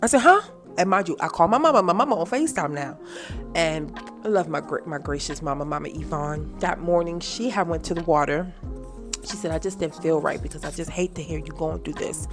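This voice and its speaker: A woman telling an animated, faith-filled story to her viewers in casual chat. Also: low-pitched, fairly quick. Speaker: vlogger. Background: music.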